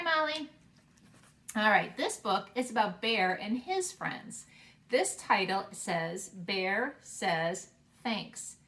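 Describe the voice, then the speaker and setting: A woman preschool teacher reading a picture book aloud to young children in a slow, sing-song way, with playful voices for the animals. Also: a little high, fairly bright tone. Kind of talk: storybook read-aloud for children.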